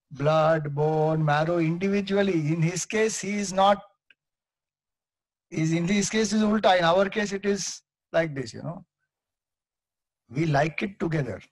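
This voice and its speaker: Indian male teacher, fairly high husky voice, dry close sound, patient storytelling lecture. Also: no echo, poor audio. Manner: explains patiently, tells stories with acted-out quotes; mixes in Hindi phrases. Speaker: Vedanta teacher. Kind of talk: spiritual lecture.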